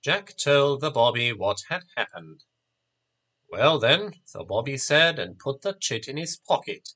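A man narrating a storybook in a slow, expressive reading. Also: medium pitch.

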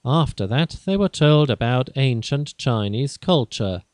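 Man, story narrator, careful steady reading, smooth resonant voice, dry close mic. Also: medium pitch, dry recording. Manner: slow, careful, even reading. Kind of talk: scripted graded-reader story narration.

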